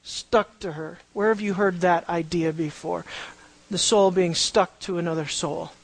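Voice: fairly even intonation, normal speed, creaky. A preacher working verse by verse through a passage in a sermon, throwing questions at the listeners and repeating key phrases for emphasis. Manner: asks the listeners rhetorical questions; pitch and loudness swing widely for emphasis. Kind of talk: expository sermon.

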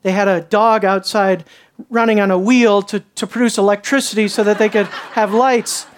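A woman's voice: normal speed, a little hiss or hum. A woman pastor preaching a sermon, telling stories and acting out the people in them. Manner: animated storytelling, acts out characters with jumps in pitch.

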